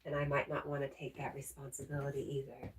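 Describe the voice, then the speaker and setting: A woman's voice: extremely low pitch, completely flat delivery, fast talker, slight background noise. A woman hosting a casual early-morning livestream at home, reading viewer comments aloud and cooing in baby talk to her dog. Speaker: livestream host. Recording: roomy sound, mic far off.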